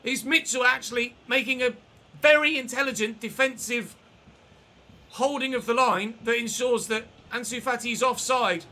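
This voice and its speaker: A man commentating his own football video game match, excitable and shouting at goals, his voice going hoarse. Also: very high-pitched, normal speed. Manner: shouts and celebrates goals, then chats calmly. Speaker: gaming commentator. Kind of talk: excited live gameplay commentary.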